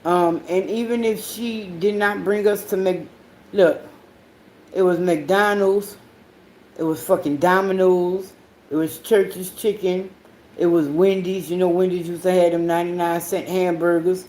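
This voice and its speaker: A woman hosting her own podcast, telling rambling, profanity-heavy stories in a casual monologue, swinging between loud outbursts and low mutters. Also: steady tone, unhurried, a little hiss or hum. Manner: profane, rambling storytelling with frequent swearing. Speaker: podcast host.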